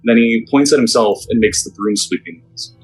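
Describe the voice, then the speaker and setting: A man with a lowish voice plays a tabletop game, describing what his character does in halting speech full of fillers. Faint music runs behind him. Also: slightly rough, poor audio. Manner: hesitant, halting, many fillers. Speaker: player. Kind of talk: casual tabletop play.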